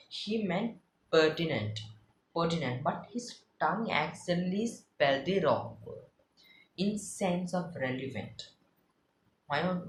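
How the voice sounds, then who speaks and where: A woman walks listeners through a classic play in a chatty manner, circling back to repeat and paraphrase lines. Her voice sits fairly low, and a noticeable echo hangs in the room. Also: slight background noise. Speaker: literature tutor. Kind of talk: explaining a play with read-aloud passages. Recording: echoey room.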